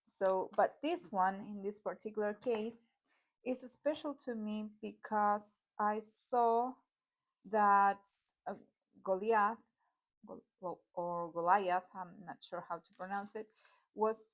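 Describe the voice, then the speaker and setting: A chatty woman from Argentina talks through her tarot decks in English, with an Argentine Spanish accent and Spanish as her first language. She rambles through a casual vlog, dropping fillers and quick apologies along the way. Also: medium pitch. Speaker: tarot YouTuber. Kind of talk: casual deck review vlog.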